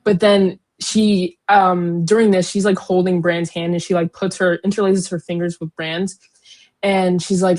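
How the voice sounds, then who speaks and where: A young woman co-hosting a casual book discussion, retelling chapters in an animated way with lots of fillers. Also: fairly low pitch, moderate pace. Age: young adult. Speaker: podcast co-host.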